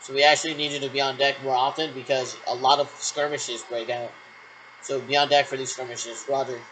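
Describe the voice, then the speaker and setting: A man's voice: medium pitch, level tone, a little fast, a bit bright, a little hiss or hum, poor audio. A man rambling through make-believe radio checks in a solo role-play, leaning on the word "actually" again and again. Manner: rambling, repeats "actually" often. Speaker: vlogger doing pretend radio checks. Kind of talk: solo role-play talking to imagined callers.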